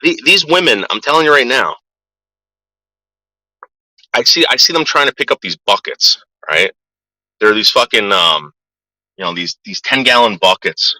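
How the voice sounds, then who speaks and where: A man's voice: mid-range voice, lively intonation, moderate pace, long pauses, bright, forceful tone, no echo, poor audio. A middle-aged man ranting casually to his viewers, swearing a lot and stumbling over repeated words. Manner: profane, stammering repeats. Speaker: vlogger. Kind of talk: casual rant.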